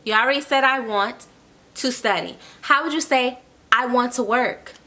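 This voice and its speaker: A woman's voice: high voice, moderate pace, pushed and bright. A woman tutoring an online language lesson. She explains step by step, repeats each phrase and keeps checking in with "okay?". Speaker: Spanish tutor.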